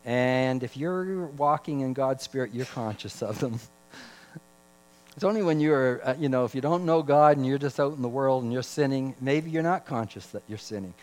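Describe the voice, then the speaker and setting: A man preaching a sermon as pastor, voice climbing for emphasis and dropping low for stories. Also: moderate pace, darkish tone, poor audio.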